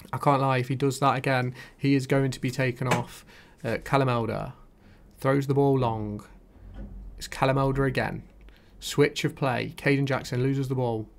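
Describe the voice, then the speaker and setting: A man's voice: mid-range voice, creaky. Male gaming YouTuber, casual play-by-play over a football management game, thinks aloud. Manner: commentates play-by-play, thinking aloud about tactics.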